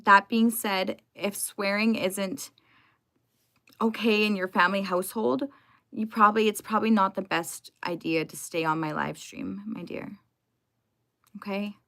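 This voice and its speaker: Young female streamer, bright voice, easy casual chat with her viewers. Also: medium pitch, fairly even intonation, measured pace. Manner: chatty, greets viewers by name. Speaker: live streamer.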